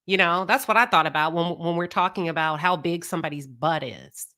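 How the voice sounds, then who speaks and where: A woman's voice: fairly low pitch, moderate pace, bright, forceful tone. A married woman speaking as a guest on a panel, frank and chatty, with plenty of "you know" and "I mean". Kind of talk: casual chat.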